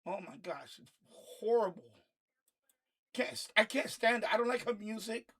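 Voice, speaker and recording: This streamer's voice is high-pitched and steady in tone, a bit bright, and slightly fast. He's fuming through casual commentary, cursing heavily and repeating himself again and again.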